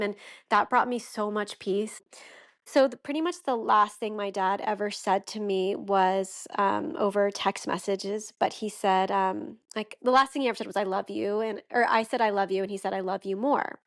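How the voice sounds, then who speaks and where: A woman's voice: medium pitch, steady tone, moderate pace. A young woman, a podcast guest, telling a heartfelt personal story with many "like"s and "um"s. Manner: emotional, heartfelt, frequent "like" and "um".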